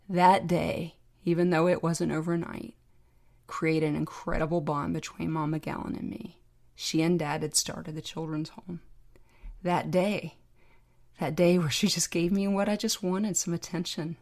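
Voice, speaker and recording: A woman, a podcast guest, telling a personal story in a reflective, heartfelt, measured way. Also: low-pitched, little pitch movement, gravelly, a little mellow.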